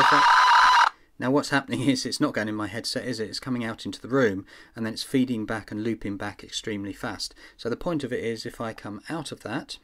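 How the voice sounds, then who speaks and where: Casting: man, mid pitch, easygoing tutorial voice, thinks aloud while demoing software. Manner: chatty, thinks aloud, counts out loud while testing. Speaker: app reviewer. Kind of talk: casual screen demo walkthrough.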